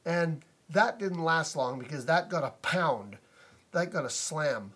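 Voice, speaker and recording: Husky-voiced man ranting at home. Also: fairly high pitch, expressive, a little slow, a bit bright. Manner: indignant, repeats himself, swears often. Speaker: vlogger complaining about a noisy neighbor. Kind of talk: angry profane rant to camera. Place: inside his house.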